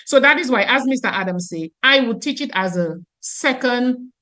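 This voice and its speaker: A woman teacher from Dominica, explaining grammar on the radio in an animated, teacherly way. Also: on the high side, normal speed.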